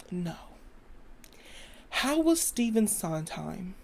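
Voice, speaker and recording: A woman's voice: medium pitch, unhurried, darkish tone. Woman podcast host, casual solo monologue, emphatic and rambling, mid-range voice. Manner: rambling, emphatic, quotes lyrics aloud.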